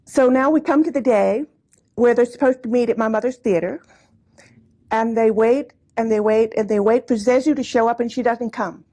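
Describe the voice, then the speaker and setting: Older woman, storyteller at a gathering; light, high voice, mellow tone, chatty with asides. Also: normal speed. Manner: chatty, warm anecdotes with frequent laughs and asides. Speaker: speaker at a commemorative gathering. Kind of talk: personal storytelling talk. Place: hall before a live audience.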